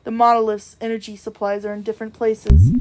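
A woman reading the lines of an old, weary reaper with principles, gentle and formal, over game music. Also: mid-range voice, animated, a little fast, slight background noise, pitched below the performer's own voice, lightly acted. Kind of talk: reading game dialogue aloud. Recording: music playing behind.

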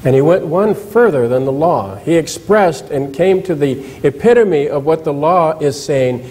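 A man's voice: on the high side, measured pace, few pauses, warm tone, poor audio. A male pastor giving a church sermon in a conversational way, asking the congregation questions and retelling scripture with dramatized quotes.

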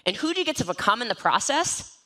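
A woman giving an energetic, joking motivational talk on network marketing from an event stage, often mocking herself. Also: a little high, quick pace. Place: event stage with live and online audience.

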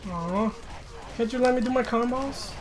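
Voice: mid-range voice, normal speed. A gamer giving live commentary on online fighting game matches, rambling and self-deprecating, swearing often when frustrated. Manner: rambling, restarts sentences, laughs at self.

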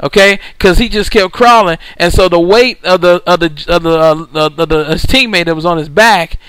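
A man's voice: high-pitched, normal speed, fairly bright tone, smooth, dry recording, poor audio. A male preacher recording a sermon, telling a story with emphatic repetition.

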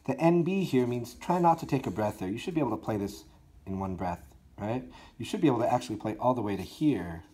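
A man's voice: mid-range voice, expressive, quick pace, dark tone, husky. A man teaching a school band part, counting aloud and singing the notes, with encouraging talk for his students. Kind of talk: instructional walkthrough for students.

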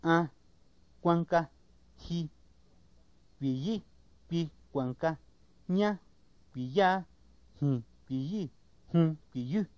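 A man slowly and carefully reading out a word list in a measured, repetitive way. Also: on the high side, a little mellow, dry recording. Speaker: native speaker recording word list. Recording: dull lo-fi 1990s tape, dry.

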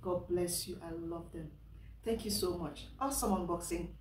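A woman's voice: lowish voice, moderate pace, darkish tone, distant mic. A young woman with a Nigerian accent, chatting through a casual unboxing vlog, laughing often and slipping into Pidgin. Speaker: vlogger. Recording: echoey room, voice off-mic.

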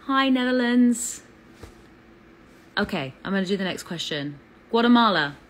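A woman's voice: mid-range voice, animated, moderate pace, poor audio. A woman with an English accent chatting on a live fan Q&A, bubbly and talkative as she greets viewers. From England. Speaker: actress answering fan questions.

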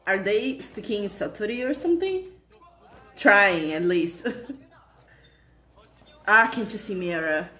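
A woman's voice: mid-range voice, a bit bright. A woman hosting a reaction video, gushing and giggling as she comments casually. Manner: giggly, gushing fan commentary with frequent laughter. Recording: roomy echo, faint music behind.

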